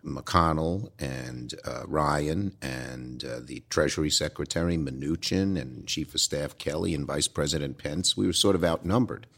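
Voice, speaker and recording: Older Brooklyn man, very deep, blunt and emphatic in interview. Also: unhurried, creaky, few pauses, fairly bright tone, breathy edge. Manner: direct, emphatic storytelling with quoted dialogue. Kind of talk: relaxed interview answers.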